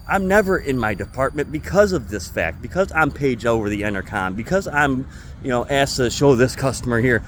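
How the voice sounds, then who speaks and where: A man in an angry, profane rant about his job, talking in an ordinary mid-pitched voice. Faint traffic sound hangs behind him outdoors near a car. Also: lively intonation, brisk. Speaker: retail store employee. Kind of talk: venting vlog.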